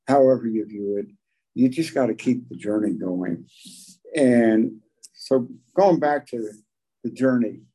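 Older man, recovery meeting share, folksy storyteller, warm mellow voice, pauses often. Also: medium pitch, low-quality recording. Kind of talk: personal recovery talk.

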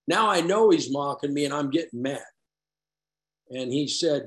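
A man sharing his personal story at a recovery meeting, candid and self-deprecating, halting and restarting as he talks. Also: on the high side, lively intonation. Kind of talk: personal story told to a group.

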